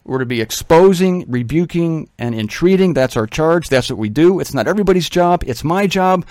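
A man's voice: on the high side, expressive, normal speed, a little mellow, dry recording, studio quality. A man giving a radio Bible teaching in an earnest, emphatic, pleading manner, at times repeating words.

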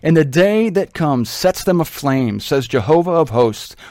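A man's voice: on the high side, lively intonation, a little slow, darkish tone, no room sound, studio quality. Earnest man teaching the Bible on radio. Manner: earnest, pleading, emphatic.

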